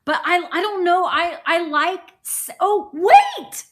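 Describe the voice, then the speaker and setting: A woman's voice: very high voice, steady tone, unhurried, bright, forceful tone. A middle-aged woman chatting casually as she shows off a thrift haul, rambling and talking to friends nearby. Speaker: thrift vlogger. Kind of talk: casual haul show-and-tell.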